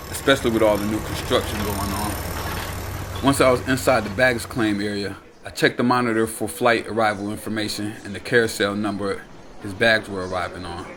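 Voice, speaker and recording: Low-voiced male audiobook reader. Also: noisy background. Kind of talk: audiobook narration.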